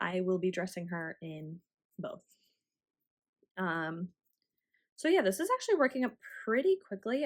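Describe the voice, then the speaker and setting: A woman around thirty chatting casually as a knitting vlogger, rambling with frequent ums and laughing warmly now and then. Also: medium pitch. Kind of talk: casual chat.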